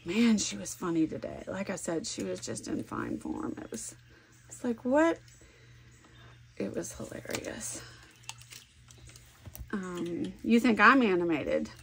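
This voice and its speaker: A woman chatting casually while she works on a scrapbook layout at home. She is animated, thinks aloud and laughs often. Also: on the low side, takes it slowly, gravelly, long pauses, slight background noise. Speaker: scrapbooking vlogger. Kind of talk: casual chat while crafting.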